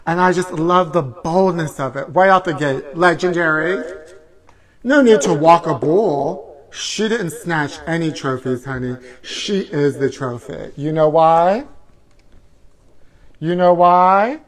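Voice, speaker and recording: A man's voice: a little high, slow. A middle-aged man hosting a campy live talk show, sassy and theatrical, calling his viewers honey and darling and chanting catchphrases in a sing-song way. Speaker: host. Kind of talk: campy casual live-stream chat.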